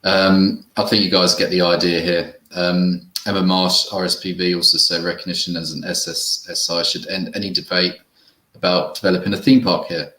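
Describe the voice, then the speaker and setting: Male co-host, low bright voice, halting delivery, echoey room. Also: flat delivery. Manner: hesitant, many fillers, reads quotes aloud. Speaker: co-host of a theme park fan channel. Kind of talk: casual live-stream chat. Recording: roomy echo.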